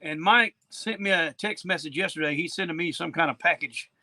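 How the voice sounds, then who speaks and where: A man's voice: on the high side, a little fast, pushed and bright, poor audio. A man, a podcast guest talking in a folksy, plain-spoken way over a video call from an outdoor porch. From South Carolina. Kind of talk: casual conversation. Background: crickets chirping.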